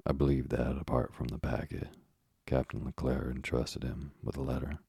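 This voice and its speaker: A man voicing a sly, evasive male ship's officer in an audiobook, with a gravelly, husky voice. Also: rumbling low, level tone, moderate pace, mellow, no echo, studio quality, heavily acted. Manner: sly, insinuating. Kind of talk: audiobook character reading.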